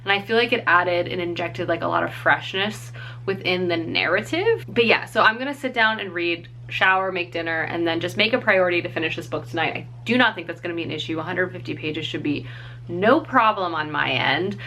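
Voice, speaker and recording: A woman's voice: on the low side, a little fast, sharp tone, slight background noise. A young woman vlogging at home on a handheld camera, chatting casually with lots of fillers and self-deprecating asides. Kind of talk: casual chat. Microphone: handheld vlog camera.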